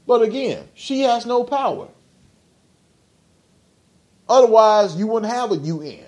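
Male podcast host, blunt slangy rant, profane, rhetorical questions, high voice, lively swings in pitch. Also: a little slow, lo-fi sound.

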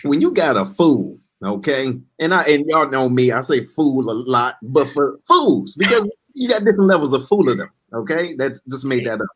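A podcast host speaks straight to the listeners in a lively way. The pitch swings widely, and the voice is husky. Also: moderate pace, hardly any pauses. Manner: lively, addresses the audience directly. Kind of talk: live podcast talk.

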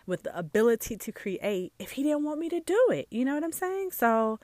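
A woman's voice: on the high side, sing-song, fairly quick, a little mellow, no room sound. A woman hosting a casual solo podcast, a jewelry maker talking earnestly and chatting straight to her listeners with lots of asides. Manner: earnest and heartfelt.

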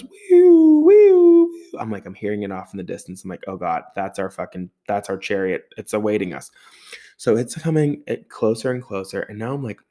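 Low-voiced male storyteller, animated, casual, a bit profane. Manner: animated storyteller with sound effects and swearing. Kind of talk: storytelling monologue.

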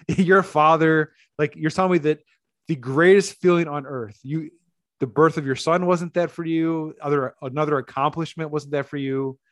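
A man's voice: fairly high pitch, fairly even intonation, moderate pace, no echo, clean studio sound. A man co-hosting a podcast in casual chat, blunt, cursing freely and laughing between his points. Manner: blunt, swears freely, laughs mid-sentence. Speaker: podcast co-host.

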